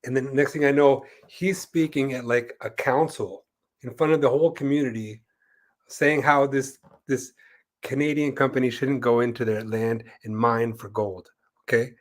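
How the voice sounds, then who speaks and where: A man's voice: medium pitch, fairly even intonation, moderate pace. A man co-hosting an interview show, telling a long story in casual chat, rambling with many fillers and acting out the voices of people he quotes. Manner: rambling, full of "like" and "you know", acts out quoted voices. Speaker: co-host.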